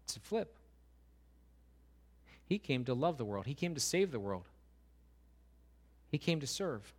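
A man, a pastor, preaching an animated sermon, often acting out quoted voices and building to loud, rising questions. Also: mid-range voice, unhurried.

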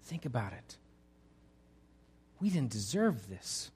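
A pastor preaching a conversational sermon to his congregation, swinging between loud emphasis and quiet, hushed lines. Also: mid-range voice, sing-song, slow pace, breathy edge. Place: church sanctuary.

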